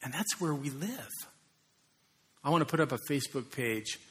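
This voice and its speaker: A man preaching a sermon in an animated way, acting out voices and rising suddenly in volume. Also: medium pitch, moderate pace, a little hiss or hum. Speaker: pastor.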